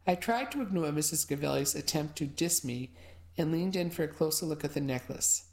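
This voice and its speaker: Woman reading an audiobook, low voice, wry dry asides, first person. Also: expressive, fairly quick, a little mellow. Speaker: audiobook narrator.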